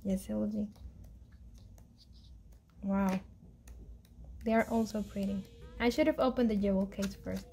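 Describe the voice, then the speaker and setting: A woman chatting casually as she unboxes albums, excitable and pleading, laughing often, with faint music behind. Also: medium pitch, takes it slowly, gravelly, pauses often, slight background noise. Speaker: vlogger.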